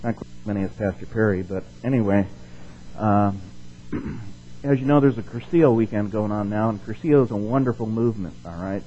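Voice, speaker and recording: A man's voice: fairly low pitch, a little fast, dark tone, highs cut off, a little hiss or hum. A man preaching a sermon as pastor, reading scripture aloud with rising force and putting questions to his congregation.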